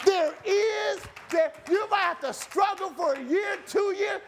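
A man preaching a fervent sermon in a church, shouting and repeating phrases. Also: extremely high pitch, unhurried, slight background noise.

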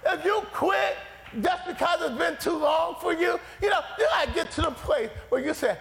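Shouting gravelly preacher man, high and slow. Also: animated, some chatter behind. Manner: shouted, impassioned preaching with repeated phrases. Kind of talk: fiery sermon. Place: church sanctuary. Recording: reverberant hall with faint congregation.

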